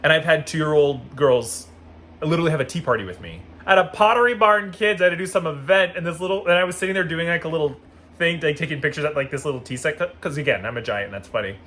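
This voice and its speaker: Chatty man telling animated stories. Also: fairly high pitch, fast talker. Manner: animated, acts out quoted voices, frequent "like" fillers. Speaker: vlogger. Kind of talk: casual storytelling vlog.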